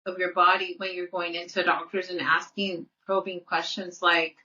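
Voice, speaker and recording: A woman's voice: on the low side, little pitch movement, moderate pace, few pauses, pushed and bright, distant mic. A woman co-hosting a podcast in casual chat. She talks earnestly, restarts often and repeats her words. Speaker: podcast co-host. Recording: muffled audio, off-mic.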